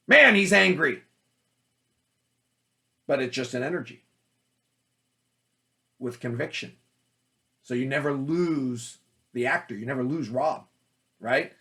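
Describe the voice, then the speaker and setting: A man teaching about auditions as an acting coach, talking in a loud, forceful, energetic way. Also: mid-range voice, slow pace, creaky, long pauses.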